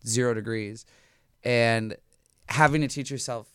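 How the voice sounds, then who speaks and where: A man's voice: mid-range voice, fairly even intonation, moderate pace, clear, resonant tone, no echo, studio quality. A young man from Minnesota, a podcast guest telling stories in a rambling, slangy way full of filler words. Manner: rambling, slangy, lots of "like" and "dude". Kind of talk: casual chat.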